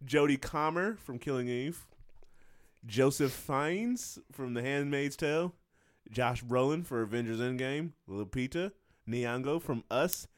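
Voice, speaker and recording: A man's voice: mid-range voice, a little slow, no echo, clean studio sound. A man co-hosting a casual podcast, playfully reading out lists and laughing often. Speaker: podcast co-host.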